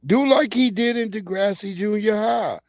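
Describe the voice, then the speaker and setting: A man hosting a livestream, chatting in a casual comedic way, laughing often and acting out loud yelled quotes. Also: sits high, normal speed, no room sound. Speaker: livestream host.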